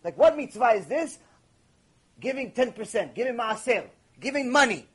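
A man, a rabbi, giving a Torah lecture and telling a story in an emphatic, animated way full of rhetorical questions. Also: extremely high pitch, normal speed, breathy edge.

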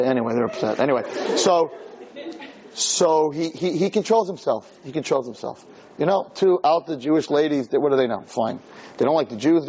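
Live lecturer, male, tells stories with animated delivery and a high voice, rising to shouts. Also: rough recording. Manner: animated storytelling that builds to shouting. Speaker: Jewish lecturer. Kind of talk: joke-filled lecture to a live audience.

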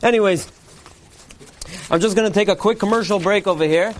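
High-voiced man doing a mock sermon. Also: brisk. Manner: mock-earnest preacher cadence, deadpan punchlines. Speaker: comedian delivering a mock Purim Torah speech. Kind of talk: parody sermon, stand-up delivery.

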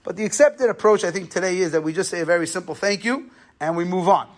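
A rabbi gives a conversational Torah lesson on Jewish law, telling stories and using Yiddish and Hebrew terms. He talks fast in a high-pitched voice.

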